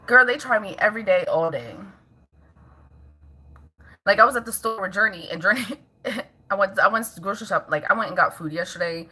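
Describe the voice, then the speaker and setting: A woman's voice: mid-range voice, brisk, pauses often, bright, forceful tone, husky. A woman vlogging casually at home as a mother, chatting with viewers, laughing often and scolding her toddler in between.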